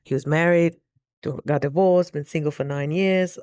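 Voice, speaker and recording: A woman vlogger casually telling a story in a playful, expressive way. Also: low-pitched, moderate pace, clean tone, no echo, clean studio sound.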